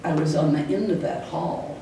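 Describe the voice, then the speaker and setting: Low-pitched and mellow with some vocal fry, she speaks at a moderate pace while reminiscing about her years teaching school. The older woman is a fond storyteller who chuckles frequently. It was recorded in an echoey room on a distant mic, with faint noise.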